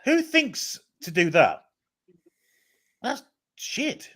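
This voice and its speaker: A man's voice: extremely high pitch, big pitch swings, drawn-out words, sharp tone. A man co-hosting, blunt and sweary, cracking mocking jokes in casual banter. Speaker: co-host.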